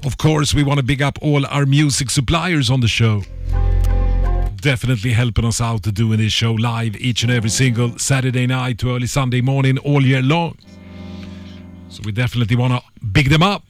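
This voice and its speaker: A man hosting a radio show, running through shout-outs in loose, repetitive DJ patter with stutters. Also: medium pitch, fairly even intonation, brisk. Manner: hype DJ patter with stutters and repeats. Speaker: radio DJ host. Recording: music playing underneath.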